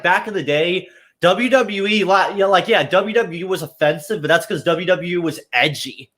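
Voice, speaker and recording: A man's voice: a little high, a bit bright. Profane ranting man on a livestream. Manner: profane, rambling rant with many fillers. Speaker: livestream host. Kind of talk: casual chat.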